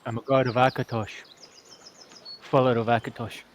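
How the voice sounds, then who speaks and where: A man's voice: medium pitch, flat delivery, normal speed, noisy background, lightly acted. A man voicing a crude, cocky male warrior in a tabletop role-play, talking in a flippant, mocking way.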